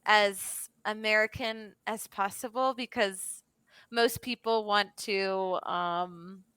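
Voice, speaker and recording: A woman's voice: medium pitch, steady tone, takes it slowly, a bit bright, clear, resonant tone, dry recording. A young woman from Florida tutoring English over a video call, chatty with many fillers and restarts. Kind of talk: casual online lesson chat.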